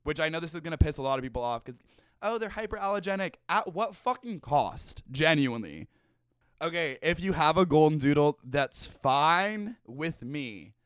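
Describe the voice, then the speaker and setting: Young male podcast host, smooth dry voice, profane rambling comic chatter. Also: fairly high pitch, lively intonation, normal speed, a bit bright, no echo. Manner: rambling, profane, filler-heavy with lots of "like". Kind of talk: casual comedic monologue.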